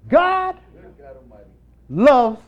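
A man preaching a sermon in an animated, emphatic style, repeating lines and moving between loud and hushed delivery. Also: very high-pitched, drawn-out words, lo-fi sound. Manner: repetitive, emphatic call-and-response delivery.

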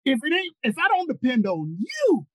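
An older man preaching a sermon over a video call, repeating words and rising into near-shouts. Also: very high-pitched, wildly swooping pitch, normal speed, no echo, rough recording.

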